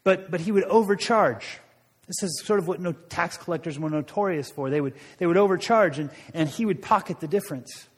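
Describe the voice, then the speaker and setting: A man's voice: sits high, fairly quick, slightly rough, big-room sound. A man preaching a sermon, telling a story in a loose, conversational way with frequent restarts. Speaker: pastor.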